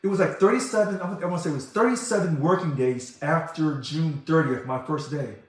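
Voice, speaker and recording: Passionate man in a very echoey room. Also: on the high side. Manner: passionate, talks fast and loud when excited. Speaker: organization president. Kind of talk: impassioned monologue.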